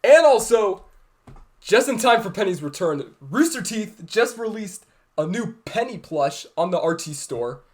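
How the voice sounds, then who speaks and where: A man hosting a fan reaction video, gushing and shouting with excitement over the show he is watching. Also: sits high, a little slow.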